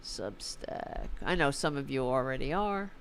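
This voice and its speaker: A woman's voice: rumbling low, expressive, measured pace, slight background noise. A tired woman hosting a political livestream, chatting casually and swearing as she reads the chat and signs off. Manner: informal and profane, fired-up about politics.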